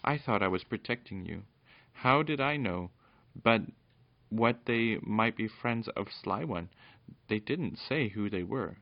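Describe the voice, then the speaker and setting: A man's voice: on the low side, expressive, a little slow, gravelly, lo-fi sound. A man growling as a fierce goblin dog. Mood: sheepish. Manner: growling, blustering. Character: fierce talking goblin dog, male, big, gruff.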